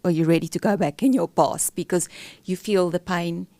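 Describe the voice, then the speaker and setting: A woman's voice: on the low side, steady tone, moderate pace, dark tone, dry recording. A middle-aged woman, a podcast guest, telling a candid, emotional personal story with many fillers and restarts.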